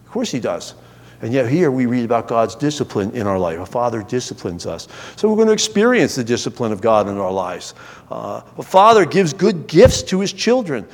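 A middle-aged man preaching a sermon as pastor, swinging between raised emphasis and quiet asides. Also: mid-range voice, sing-song, fairly quick, big-room sound.

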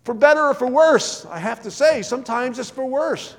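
A middle-aged man preaching a sermon as pastor, swinging between raised emphasis and quiet asides. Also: extremely high pitch, lively intonation, normal speed, long reverb tail.

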